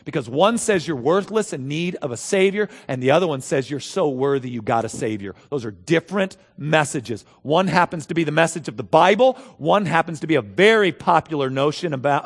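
A man's voice: fairly high pitch, expressive, brisk, gravelly, hardly any pauses. A man preaching a sermon as pastor, emphatic, asking rhetorical questions and reading scripture aloud. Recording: long hall reverb.

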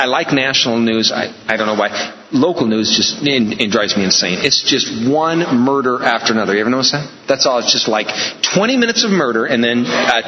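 A man's voice: mid-range voice, background noise. A man preaching a sermon, emphatic and repetitive, with joking asides. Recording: echoey hall, slightly dull sound.

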